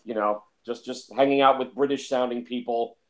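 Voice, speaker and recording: A man's voice: medium pitch, steady tone, moderate pace. A man talking casually about films, rambling and repeating himself with lots of fillers. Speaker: film reviewer. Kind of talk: casual film discussion.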